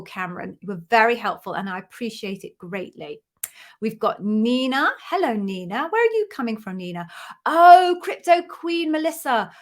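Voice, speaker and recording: A woman's voice: fairly high pitch, fairly bright tone. A woman from the UK hosting a live Q&A stream, chatty and bubbly, greeting viewers by name in a casual way. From United Kingdom. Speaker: interview coach hosting a live Q&A. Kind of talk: casual livestream chat.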